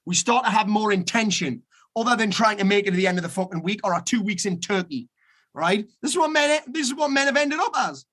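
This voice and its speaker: A man's voice: high-pitched, expressive, brisk, fairly bright tone. A man giving a blunt, emphatic motivational talk, swearing freely as he urges listeners to act. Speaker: motivational speaker.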